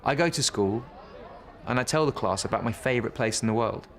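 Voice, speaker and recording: A man reading a children's bedtime story aloud in a gentle, unhurried way. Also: medium pitch, a faint crowd, a little hiss or hum.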